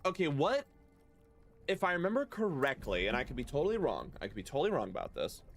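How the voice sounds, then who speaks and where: A man's voice: mid-range voice, fast, creaky. A man streaming a video game, chatting casually and joking with his viewers as he plays. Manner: animated, joking, chatting with viewers while playing. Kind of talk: casual gaming livestream chat.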